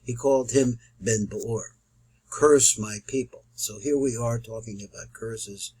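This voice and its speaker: Husky man teaching a Torah lesson. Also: medium pitch, measured pace, darkish tone, low-quality recording. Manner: explanatory, with frequent restarts and Hebrew quotations. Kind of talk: recorded study lesson.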